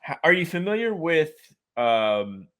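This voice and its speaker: A young man co-hosting a sports podcast, talking in a relaxed, opinionated, rambling way. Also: on the high side, unhurried. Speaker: podcast co-host. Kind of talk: casual podcast chat.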